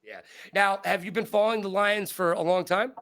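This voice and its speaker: A man's voice: high voice, fairly quick. A man in his forties hosting an interview, joking and playful in casual chat. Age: 40s. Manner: joking, animated, playful asides. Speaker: host.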